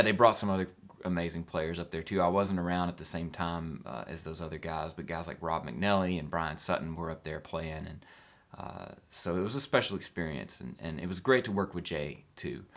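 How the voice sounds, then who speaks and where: A man with a deep, low-pitched voice talks through fan questions in a relaxed, easygoing way. He rambles a little and drops in plenty of filler sounds between thoughts. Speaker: singer-songwriter answering fan questions. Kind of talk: casual fan Q&A chat.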